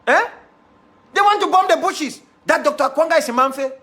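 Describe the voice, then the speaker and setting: This activist leader, a man with a Cameroonian English accent, addresses his followers in an extremely high, sharp voice at a fairly quick clip. His monologue is defiant and impassioned, and he keeps repeating key phrases to drive them home.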